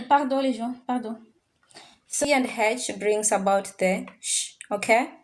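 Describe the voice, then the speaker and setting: A woman teaching a French class, drilling pronunciations by slowly repeating each word. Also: fairly high pitch. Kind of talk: classroom language lesson. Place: classroom with students.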